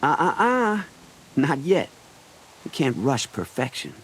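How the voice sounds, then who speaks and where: Teasing teen camp cook for a game, bouncy, slightly husky. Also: male voice, on the high side, huge pitch swings, slow pace, full character voice. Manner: teasing, playful. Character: teenage boy camp cook, cocky and teasing. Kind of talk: video game voice acting.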